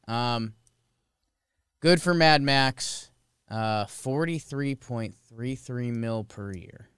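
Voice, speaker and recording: A man's voice: mid-range voice, drawn-out words, clean tone, no echo, studio quality. A man co-hosting a podcast, chatting casually and jokily about sports. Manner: animated, joking, rambling. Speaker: podcast co-host.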